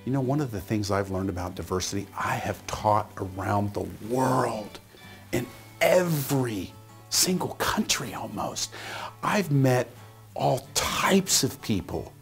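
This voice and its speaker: Animated middle-aged man telling a story. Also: lowish voice, measured pace, faint music behind. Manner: animated, acts out voices in his stories. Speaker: motivational speaker. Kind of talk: motivational storytelling.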